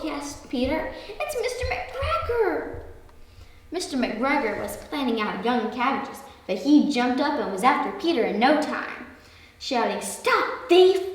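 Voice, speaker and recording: A woman reading a children's story aloud, slow and expressive. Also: fairly high pitch. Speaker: story reader. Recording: echoey hall, far from mic.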